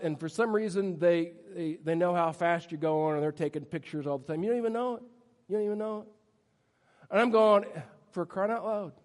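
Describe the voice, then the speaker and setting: High-voiced pastor in a reverberant hall. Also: male voice. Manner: humorous storytelling, self-deprecating. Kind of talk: sermon. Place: church sanctuary.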